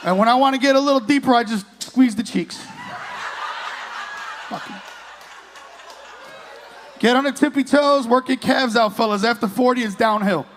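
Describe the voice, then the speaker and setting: A man's voice: very high voice, moderate pace, long pauses, a little hiss or hum. A man in his late thirties doing a profane stand-up comedy set on a club stage, teasing the crowd. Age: 30s.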